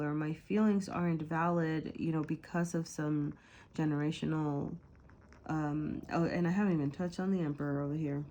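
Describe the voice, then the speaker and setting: A woman's voice: sits low, dark tone. A woman giving a casual tarot reading. She rambles and hesitates, fills her talk with fillers and rhetorical "right?", and often corrects herself and apologizes. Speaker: tarot reader.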